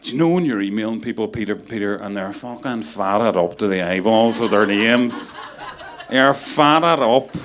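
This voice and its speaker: A man with a Northern Irish accent doing stand-up, loudly bantering and joking with the crowd. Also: lowish voice, expressive, normal speed. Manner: loud, bantering, often shouting to the crowd. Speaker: stand-up comedian. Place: live comedy venue.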